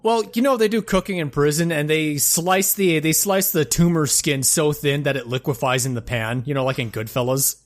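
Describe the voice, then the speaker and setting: A comedy podcast co-host with a mid-pitched voice who makes deadpan, grumbling asides. The talk is casual and unhurried.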